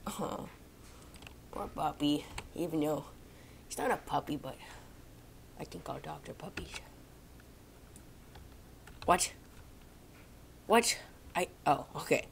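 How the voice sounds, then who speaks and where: A young gaming vlogger talks over a video game indoors at home in a low-pitched, gravelly voice, slow-paced with frequent pauses and slight background noise. Her chat is rambling and self-mocking, directed at viewers.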